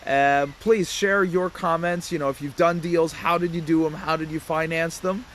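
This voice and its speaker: Here a man with a fairly high, steady, slightly bright voice tells his audience about a property investment, laughing between points and acting out dialogue in quick asides. He says hello to passers-by mid-talk over slight background noise.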